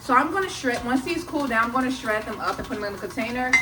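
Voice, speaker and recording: A woman's voice: a little high, expressive, fast, sharp tone, distant mic, poor audio. A young woman cooking in her home kitchen and talking through each step in a chatty, profane, joking way. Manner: chatty, profane, jokey self-narration. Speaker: vlogger. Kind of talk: casual cooking vlog. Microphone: phone on a charger, away from the stove.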